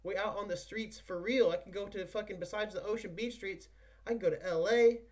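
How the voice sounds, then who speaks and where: Young male podcast host, higher-pitched, hyped and foul-mouthed. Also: fairly even intonation, a little fast. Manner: profane, slangy, hyped and rambling. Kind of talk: casual solo podcast chat.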